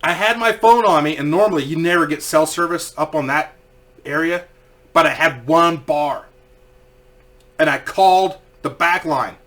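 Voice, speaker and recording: A man with a fairly high voice at normal speed casually tells a story, swearing freely. He's animated, acting out what people said in their own voices.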